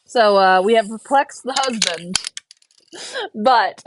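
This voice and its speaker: Gal rambling on a live stream, chatty, laughs a lot, outdoors by a barn. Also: female voice, medium pitch, animated, takes it slowly, long pauses, noisy background. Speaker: homesteader and livestream host. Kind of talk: casual livestream chat while working.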